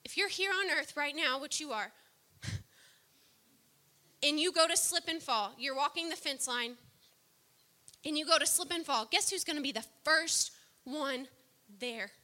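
A woman preaching a sermon, impassioned, swinging from soft, low passages to loud outbursts. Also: unhurried, pauses often.

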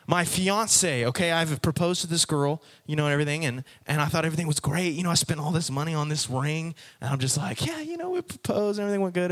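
Young male youth preacher, animated storyteller with a somewhat high voice. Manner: animated storytelling, addresses the audience. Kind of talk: sermon testimony.

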